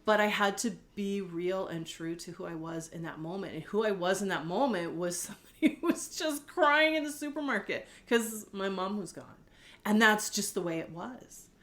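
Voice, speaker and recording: Gentle, candid middle-aged woman. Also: mid-range voice, expressive, normal speed. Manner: gentle, candid, tearful at times, rambling with fillers. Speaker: host. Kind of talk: heartfelt personal talk to camera.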